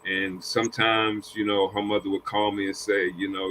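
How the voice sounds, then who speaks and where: A man's voice: lowish voice, normal speed, few pauses, fairly bright tone, a little hiss or hum, rough recording. An older man casually telling family stories, acting out what people said and repeating phrases as he goes. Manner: acts out quoted dialogue with a raised voice. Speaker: panel guest. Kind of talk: casual storytelling.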